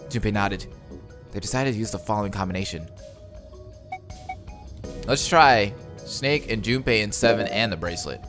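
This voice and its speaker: Excitable man reading a game aloud. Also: lowish voice, normal speed, long pauses. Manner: excitable, reacting loudly. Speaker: let's play commentator. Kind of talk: gameplay commentary and text reading. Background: game music.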